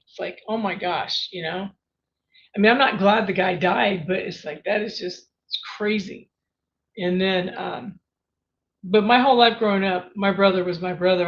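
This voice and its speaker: Gravelly woman telling a family story. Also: mid-range voice. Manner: emotional, rambling with many restarts. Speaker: livestream host. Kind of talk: personal storytelling. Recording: dull lo-fi livestream audio with faint noise.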